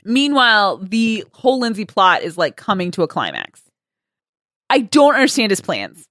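A woman's voice: mid-range voice, very animated, moderate pace, fairly bright tone, no room sound, studio quality. A woman co-hosting a podcast, recapping a TV episode in casual chat, swearing freely and quoting characters in funny voices. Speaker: podcast co-host.

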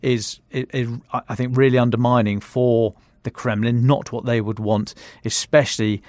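A man contributing analysis to a news podcast, speaking haltingly with frequent restarts. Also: medium pitch, fairly even intonation, a little mellow, no room sound.

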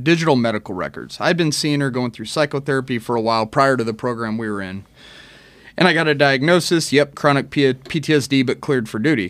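Profane, animated man telling stories. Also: mid-range voice, dry recording. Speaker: podcast guest, army veteran. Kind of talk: casual podcast chat.

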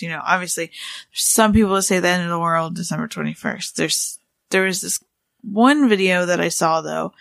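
A woman with a bright, fry-edged voice chats on a podcast, her talk full of fillers. The sound is dry and close. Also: on the low side, dry recording. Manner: filler-heavy, giggly, chatty. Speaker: podcast co-host. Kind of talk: casual chat.

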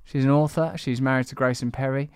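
A man's voice: medium pitch, steady tone, quick pace, darkish tone, smooth, no echo, clean studio sound. A man hosting a podcast intro, talking in a playful, jokey and rambling way. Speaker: podcast host. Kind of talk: casual podcast intro and banter.

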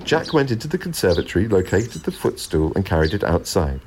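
A man reading a children's storybook aloud in a gentle, expressive way. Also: low-pitched, fairly quick, noisy background.

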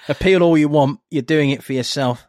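A man hosting a casual football podcast, talking in animated, rambling asides and often laughing. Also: fairly high pitch, moderate pace, dry recording, clean studio sound. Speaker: podcast host.

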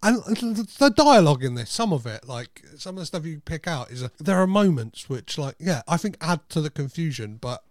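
A man co-hosting a podcast, animated and joking crudely, often laughing at his own lines. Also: a little high, a little fast, few pauses, no room sound, studio quality. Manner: animated, crude jokes, cracks himself up. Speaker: podcast co-host. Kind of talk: casual film chat.

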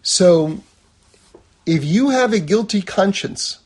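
Male religious teacher, high husky voice, relaxed conversational lecturing with everyday examples. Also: takes it slowly.

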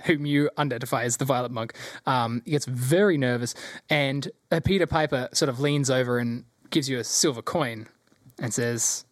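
Brief: rambling tabletop game master, middle pitch, dry mic. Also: normal speed, no echo. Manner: rambling, with many ums and laughs.

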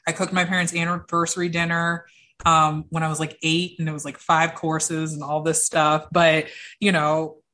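A young woman, an interview guest, telling personal stories in an animated way and acting out the voices of the people she quotes. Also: low voice, normal speed. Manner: acts out quoted voices, lively. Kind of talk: animated storytelling.

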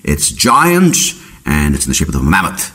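Deep-voiced punning podcast man. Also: wildly swooping pitch, normal speed, pushed and bright, husky. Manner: rambling, punning, jumps into silly voices. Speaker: podcast host. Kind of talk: comedic monologue.

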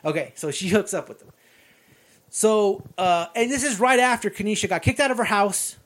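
A man's voice: high voice, moderate pace, fairly bright tone. A man hosting a casual chat, animatedly recapping a movie's scenes with laughter.

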